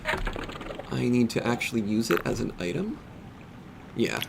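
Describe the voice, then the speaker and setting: A man's voice: medium pitch, very animated, measured pace, gravelly, background noise. A man streaming a video game, casually thinking aloud and puzzling over the menus. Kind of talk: casual let's-play commentary. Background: game music.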